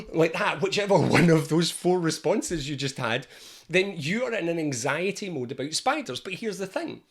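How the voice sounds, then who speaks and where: A middle-aged man, an anxiety coach explaining things to camera in an animated, jokey, conversational way. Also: fairly high pitch. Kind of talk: educational talk to camera.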